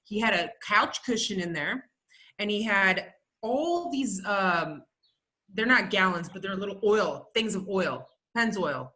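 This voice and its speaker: A woman's voice: mid-range voice, expressive, a little slow, sharp tone. A woman co-hosting a podcast, telling stories in a profane, ranting, casual comedic chat. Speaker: podcast co-host.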